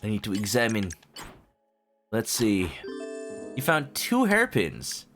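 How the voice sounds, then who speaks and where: Guy streaming a game, jokey rambly chat, pitch jumps all over, soft music behind. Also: huge pitch swings, slow. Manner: rambling, joking, self-interrupting. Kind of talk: casual live-stream commentary.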